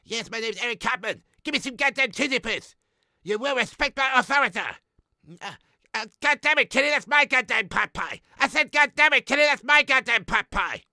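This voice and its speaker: Eric Cartman, a man doing a shrill bratty cartoon boy. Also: normal speed, dry recording, studio quality, heavily acted. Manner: whiny, shouting demands.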